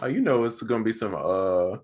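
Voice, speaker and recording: A man's voice: lowish voice, fairly quick. Slangy man telling stories on a podcast. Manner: slangy, animated storytelling. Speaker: podcast co-host. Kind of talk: casual chat.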